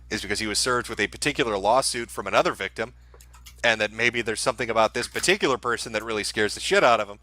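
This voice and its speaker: A man's voice: on the low side, sharp tone. A man hosting a casual commentary show, reacting to social media posts in a sarcastic, profane, mocking way.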